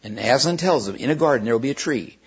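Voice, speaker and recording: A man retelling and reading a children's novel aloud in a plain, somewhat halting way. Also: mid-range voice, expressive, husky. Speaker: storyteller. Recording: dull lo-fi recording.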